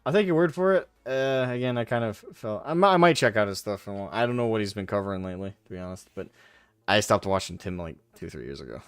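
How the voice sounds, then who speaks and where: A man's voice: lowish voice, animated, fast, clear, resonant tone, dry recording, soft background music. A young man chatting casually on a live stream, reading and answering chat with frequent laughs and casual swearing. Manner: laughs often, self-deprecating, swears casually.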